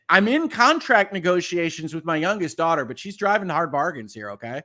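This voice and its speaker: A middle-aged man hosting a legal livestream, reading viewer comments aloud in a halting, earnest way that often repeats words. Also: on the high side, very animated, sharp tone. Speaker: legal channel host.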